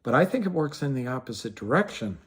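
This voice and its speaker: A man's voice: mid-range voice, big pitch swings, quick pace, fairly bright tone, husky. A man hosting a casual livestream, rambling with frequent restarts and trailing thoughts, and greeting viewers by name as he answers them. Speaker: livestream host.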